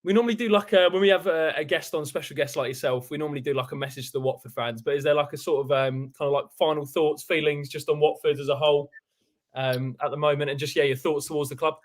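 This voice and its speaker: Eager young fan-channel host. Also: male voice, fairly high pitch, steady tone, fast talker. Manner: enthusiastic, repeats "love it" and "hundred percent". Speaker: podcast host. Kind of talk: casual fan-channel chat.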